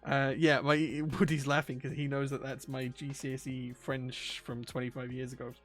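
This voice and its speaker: A man's voice: medium pitch, little pitch movement, moderate pace, faint music behind. A man, chatting casually on a live stream while he builds a keyboard. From England. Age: 40s. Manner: chatty, self-deprecating, reads chat aloud.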